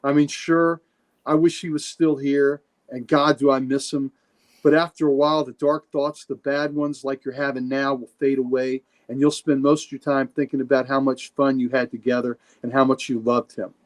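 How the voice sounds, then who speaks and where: A man reading a comic aloud on a podcast and voicing Spider-Man as a gentle, caring adult male superhero in a slightly raised voice. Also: mid-range voice, little pitch movement, moderate pace, close to an everyday voice. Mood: gentle, comforting.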